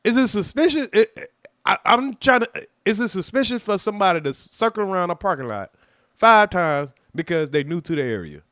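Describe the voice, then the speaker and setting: A man casually telling a personal story on a livestream, animated and profane, loudly acting out what people said to him. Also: sits high, normal speed, no echo, clean studio sound. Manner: animated, profane, acts out quoted voices loudly.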